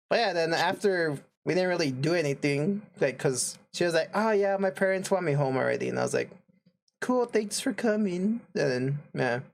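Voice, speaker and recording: A man's voice: a little high, normal speed, gravelly. Rambling young man telling a story. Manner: rambling, filler-heavy, laughing storyteller. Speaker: podcast co-host. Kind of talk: casual storytelling chat.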